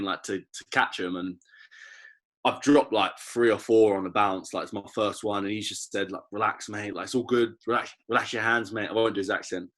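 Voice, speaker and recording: Reflective man with a lowish voice. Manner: reflective, animated when telling stories. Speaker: guest, professional rugby player. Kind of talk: casual podcast interview.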